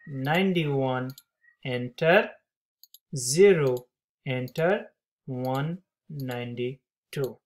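Loud math teacher walking thru calculator steps, classroom voice, cheerful, middle pitch. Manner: upbeat, talks steps aloud. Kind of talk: calculator tutorial walkthrough.

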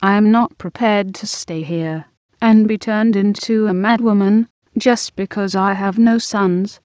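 A woman voicing a defiant, bitter young wife, reading slowly and evenly in a dull, dry recording. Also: mid-range voice, steady tone, a little mellow, dry recording, close to an everyday voice.

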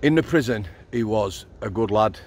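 A man's voice: fairly low pitch, lively intonation, normal speed, a little mellow. Blunt yorkshire man telling prison stories. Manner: blunt, matter-of-fact storyteller, swears freely. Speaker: former prison officer, channel host. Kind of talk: casual storytelling on a night walk. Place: outdoors at night.

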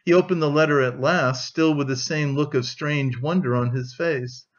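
A man narrating an audiobook in a steady, measured way. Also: on the high side. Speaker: audiobook reader. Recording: dull lo-fi audio.

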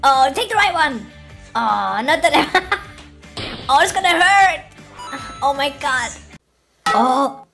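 A woman hosts a reaction video in a high, lively voice, gasping and laughing at each clip. She speaks slowly and stretches her words. Music plays clearly underneath her. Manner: gasping, laughing, exclaiming at clips. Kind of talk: excited video reaction commentary.

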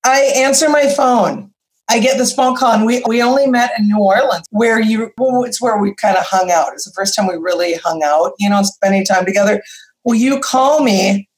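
A middle-aged woman guest musician telling stories in casual interview chat, animated and effusive. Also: medium pitch, moderate pace. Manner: animated storyteller, rambling and effusive. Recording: roomy echoey room sound.

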